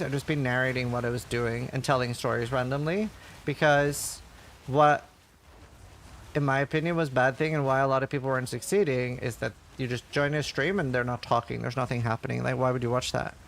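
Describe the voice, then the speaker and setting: A man's voice: mid-range voice, fairly even intonation, a little fast, a bit bright, slight background noise. A man streaming a game live, chatting casually and answering viewer questions with lots of fillers. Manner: chatty, reads chat questions aloud, rambling with fillers. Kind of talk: casual live-stream chat while gaming.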